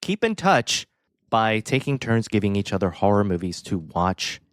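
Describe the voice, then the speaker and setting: A man's voice: on the low side, sing-song, moderate pace, no echo, clean studio sound. A man co-hosting a casual horror podcast, teasing his friends and laughing often. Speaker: podcast co-host.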